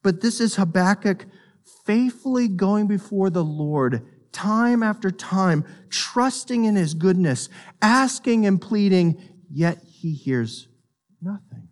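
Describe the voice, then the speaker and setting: A man preaching a sermon, earnest and emphatic, repeating words as he builds a point and sinking low and quiet on solemn lines. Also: lively intonation, takes it slowly. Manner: repeats words while thinking. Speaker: pastor.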